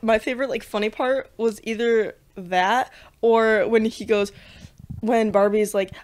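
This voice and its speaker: A woman's voice: on the high side, fairly even intonation, brisk, darkish tone. A young woman in casual podcast chat, talking freely with many fillers and laughing often. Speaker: podcast co-host.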